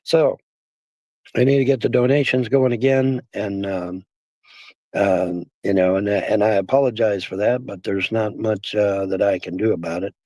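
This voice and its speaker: A man's voice: fairly low pitch, steady tone, moderate pace, mellow, no room sound. A man streaming casually, rambling and repeating himself with many fillers, his voice worn down by the cold. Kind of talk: casual livestream talk.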